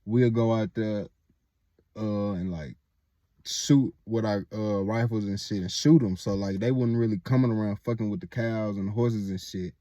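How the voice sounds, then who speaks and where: A man's voice: on the low side, steady tone, normal speed, dark tone, no echo, clean studio sound. A young man casually telling a story, rambling and full of filler words and swearing.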